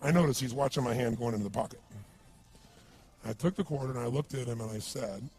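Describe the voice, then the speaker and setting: A man's voice: medium pitch, fast, long pauses, darkish tone, soft background music. A man giving an emphatic seminar talk, telling stories and quizzing his audience. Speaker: motivational speaker.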